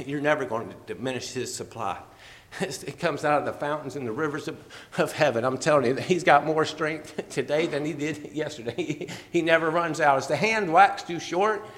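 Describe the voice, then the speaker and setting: A man's voice: on the high side, fairly bright tone, big-room sound. A man preaching a sermon in a folksy way, laughing often as he quotes scripture. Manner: folksy, laughing often, quoting scripture in old-fashioned wording.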